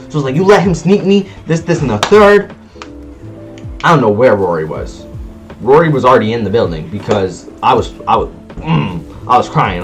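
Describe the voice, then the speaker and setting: A man telling a personal story in a casual vlog, animated and slangy, acting out sounds as he goes. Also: medium pitch. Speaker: vlogger.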